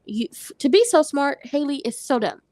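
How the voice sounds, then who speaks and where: A woman hosts a casual TV recap, talking in a sassy, animated way and acting out the characters' lines as she goes. Her voice sits fairly high. The sound is dry, close and without room echo. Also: moderate pace. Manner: animated, sassy, retells scenes with quoted voices. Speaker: recap host.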